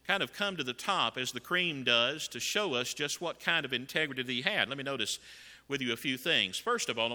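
A man preaching a sermon with emphatic delivery that swells at key points. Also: a little high. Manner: emphatic, rising to loud acted quotes. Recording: long hall reverb.

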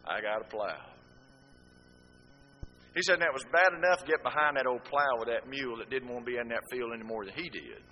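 A man's voice: medium pitch, quick pace, few pauses, in a large hall, highs cut off. A man preaching a sermon, telling folksy stories with rhetorical asides.

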